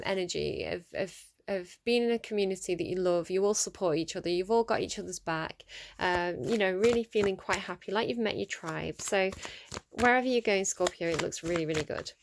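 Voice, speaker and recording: Chatty, excitable woman reading tarot. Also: medium pitch. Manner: chatty and excitable, laughs often, reads card texts aloud. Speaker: tarot reader.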